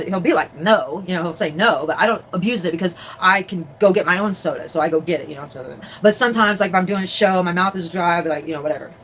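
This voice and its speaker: A woman's voice: on the low side, fairly bright tone, a little hiss or hum, low-quality recording. A woman vlogging casually from her home, chatting in a rambling way with many fillers and restarts. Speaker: vlogger and crafter. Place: at home, indoors.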